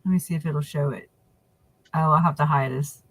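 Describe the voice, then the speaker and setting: A woman's voice: low-pitched, steady tone, fairly quick, a bit bright, breathy edge, no room sound, low-quality recording. Chatty, opinionated woman co-hosting a livestream. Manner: chatty, laughing asides, opinionated. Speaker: livestream co-host. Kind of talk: casual chat.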